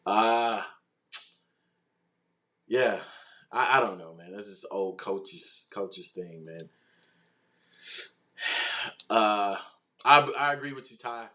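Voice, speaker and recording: A man hosting a casual sports livestream, talking in an animated, slangy way and answering chat comments. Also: on the low side, slow pace, long pauses. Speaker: host.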